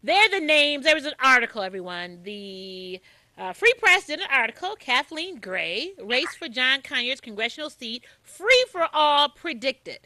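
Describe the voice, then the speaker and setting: A woman hosts a radio talk show, her voice high and very bright. She talks with animated, swooping emphasis and jumps in to drive points home. The sound is close and dry. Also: a little slow, no echo.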